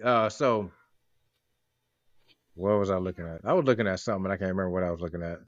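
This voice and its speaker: A man's voice: low-pitched, fast, no echo. Rambling, joking man in his forties. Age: 40s. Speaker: podcast host. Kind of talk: casual podcast chat. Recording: dry, dull lo-fi sound.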